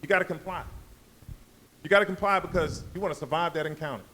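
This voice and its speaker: A man with a slightly high voice explains things in a measured, steady way, speaking as a police officer. Faint noise sits behind him. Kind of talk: panel discussion.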